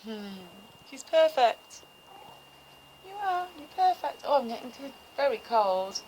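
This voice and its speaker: A woman talks slowly and unhurriedly into a handheld camera outside in her wintry garden. Her voice sits fairly high and swoops up and down as she coos at her cat in baby talk. Steady outdoor noise is clearly heard behind her. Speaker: vlogger. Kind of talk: casual vlog chat to camera. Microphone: handheld camera filming herself.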